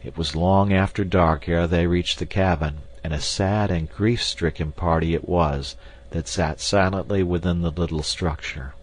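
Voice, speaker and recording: A man narrating an audiobook in a steady, even reading. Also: low-pitched, normal speed. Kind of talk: scripted narration.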